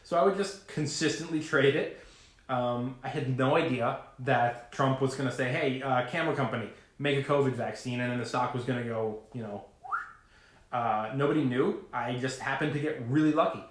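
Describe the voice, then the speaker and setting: A man vlogging to camera about trading, talking in a rambling, animated way full of fillers and asides. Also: medium pitch, normal speed, roomy sound. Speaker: finance vlogger. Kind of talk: casual talking-to-camera rant.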